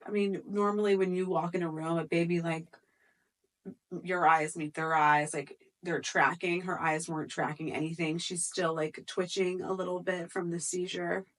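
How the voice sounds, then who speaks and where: A young woman tells a personal story straight to the camera, her voice sitting a little low and heard from slightly back from the microphone. She talks in an emotional, casual way, leaning on filler words and restarting her sentences. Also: flat delivery, moderate pace, far from the mic. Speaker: mom telling a family story.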